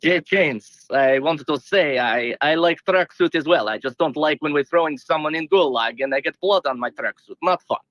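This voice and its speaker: A man's voice: a little high, moderate pace, few pauses, dry recording, lo-fi sound. Friendly man plugging his gaming show. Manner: friendly, promotional. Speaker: guest speaker. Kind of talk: live audio chat.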